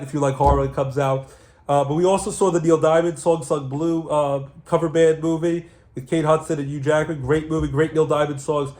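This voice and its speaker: Sex: man. Role: sports show host. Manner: rambling, fillers, fairly high voice. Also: darkish tone. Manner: rambling, hops between topics with fillers. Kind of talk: casual solo sports talk.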